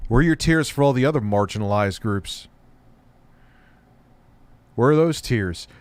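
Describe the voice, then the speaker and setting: A man's voice: mid-range voice, lively intonation, unhurried, a little hiss or hum. A man giving a sarcastic, profane reaction commentary, ranting in disbelief. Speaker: commentary youtuber.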